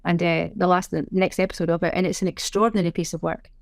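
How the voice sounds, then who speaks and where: A middle-aged Scottish woman, a sign language interpreter, chatting in a podcast interview with a lively, self-deprecating way of telling things. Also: on the low side, quick pace, no echo, clean studio sound. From Scotland. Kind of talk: casual interview chat.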